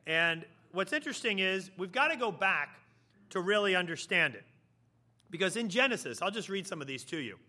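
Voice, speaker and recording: Animated, bright-voiced male preacher. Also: sits high, a little fast. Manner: animated storytelling, acting out characters' voices. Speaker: pastor. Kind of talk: sermon.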